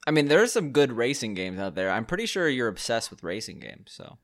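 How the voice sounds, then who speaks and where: A man co-hosting a podcast, joking and quick to laugh in casual banter over a call. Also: mid-range voice, very animated. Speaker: podcast co-host. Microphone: remote call.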